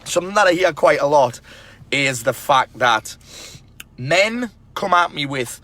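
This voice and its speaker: A man's voice: medium pitch, animated, moderate pace, pushed and bright. Man, blunt tough-love talk, heavy swearing, emphatic, casual monologue. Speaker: men's self-help speaker.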